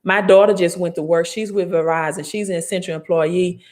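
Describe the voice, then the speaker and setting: Woman in her forties, Southern Mississippi accent, somewhat low voice, emphatic live-stream money talk, repeats key phrases. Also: steady tone, a little fast, darkish tone. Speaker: credit and finance coach. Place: home, live video.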